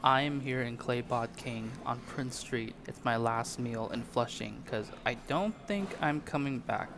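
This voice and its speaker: A man's voice: mid-range voice, a little slow. A man in his twenties, wry and joking, talking to his handheld camera as he walks city streets and eats in a restaurant. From China. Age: 20s. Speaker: vlogger. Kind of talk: casual walking vlog. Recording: noisy street recording.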